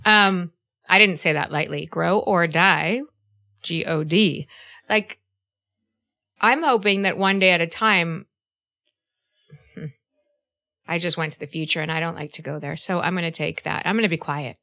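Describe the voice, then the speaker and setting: A woman in her fifties hosting a podcast in casual conversation, earnest and halting, acting out little quotes as she talks. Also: lowish voice, bright, forceful tone. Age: 50s. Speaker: podcast host.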